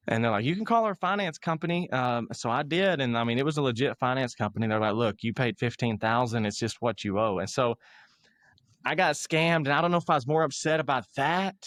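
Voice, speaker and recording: A young man, a guest on an interview podcast, telling a story in a relaxed, self-mocking way and acting out other people's lines. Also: medium pitch, no echo, clean studio sound. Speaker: motivational speaker, podcast guest.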